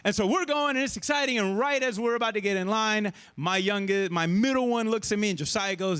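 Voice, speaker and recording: A man's voice: high-pitched, brisk, hardly any pauses, smooth. A man preaching a casual, conversational sermon with lots of energy, often checking in with "right?". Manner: energetic and conversational, keeps asking the crowd "right?". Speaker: pastor.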